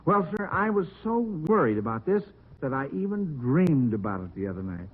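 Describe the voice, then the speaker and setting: A man's voice: a little high, big pitch swings, normal speed, breathy edge. A man hosting a 1940s radio quiz show for children, folksy and enthusiastic, heard over a tinny old broadcast. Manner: folksy and enthusiastic, many exclamations.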